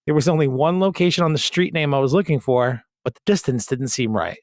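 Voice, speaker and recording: A man's voice: fairly high pitch, no room sound, clean studio sound. A man hosting a podcast in casual comedic chat, reading a post aloud with sarcastic, profane asides. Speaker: podcast host.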